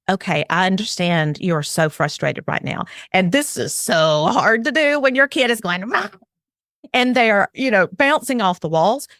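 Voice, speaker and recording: A woman's voice: medium pitch, fairly bright tone, no room sound, clean studio sound. A middle-aged woman, a parenting expert, talks earnestly in an interview and explains her advice, acting out what a parent might say. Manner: earnest and explanatory, acts out parent and child lines.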